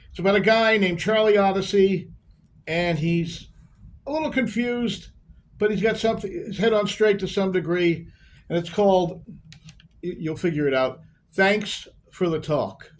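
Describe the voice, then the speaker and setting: High-voiced male poetry show host. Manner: loose and halting, with restarts. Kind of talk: casual introduction to a poetry reading.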